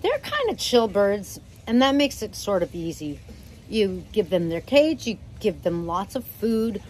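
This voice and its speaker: A woman hosting a parrot channel who gives casual advice at home in a gentle, relaxed, chatty way. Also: medium pitch, unhurried, slight background noise, low-quality recording. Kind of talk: casual instructional talk.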